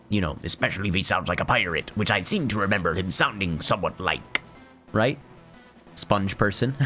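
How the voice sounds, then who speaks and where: A hoarse man from Finland rambles chattily over a game, laughing often. His voice is low but very lively in pitch. Faint music plays behind him. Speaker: let's play host. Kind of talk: gameplay commentary.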